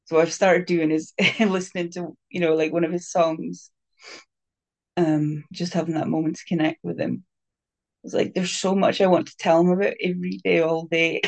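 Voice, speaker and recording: A speaker sharing a personal story in a candid, hesitant way, with many pauses, fillers and restarts, soft and emotional. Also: mid-range voice. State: crying.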